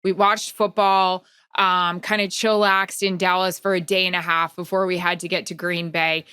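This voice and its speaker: Bright, crisp woman co-hosting a chat podcast. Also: on the low side, no echo, studio quality. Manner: animated storyteller, quick asides, swears casually. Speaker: podcast co-host and sports broadcaster. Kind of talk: casual chat.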